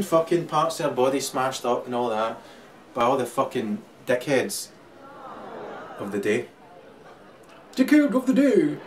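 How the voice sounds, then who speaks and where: A man with a Scottish accent in a rambling, crude monologue who keeps laughing as he talks. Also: mid-range voice. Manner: crude, laughs through his talk, swings loud and quiet. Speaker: vlogger. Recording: distant mic, loud crowd and noise.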